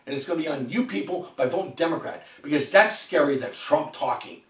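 Fast, heated ranting man, echoey room. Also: on the high side, animated, fairly bright tone, recorded from a distance. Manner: heated, rhetorical questions, swearing. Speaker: vlogger. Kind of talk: political rant. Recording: echoey room, away from mic.

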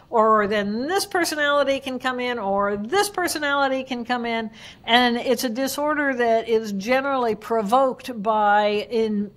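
A woman with a somewhat high voice talks as a guest neuroanatomist. She explains in a lively way and slips into quick acted-out voices to make her points. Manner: animated, acts out examples in voices. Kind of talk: explanatory interview talk.

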